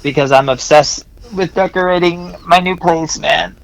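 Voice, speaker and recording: A laid-back man chats as a stand-in co-host. He talks in a loose, slangy way. His voice sits a little high and sounds smooth and clear. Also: normal speed, rough recording. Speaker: guest co-host, host's brother. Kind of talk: casual comedic chat.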